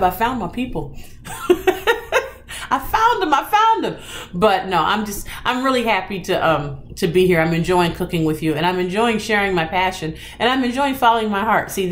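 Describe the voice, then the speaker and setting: A woman in her thirties hosting a cooking channel, chatting casually on a live stream as she reads out viewer comments, laughing often and getting animated when she quotes people. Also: medium pitch.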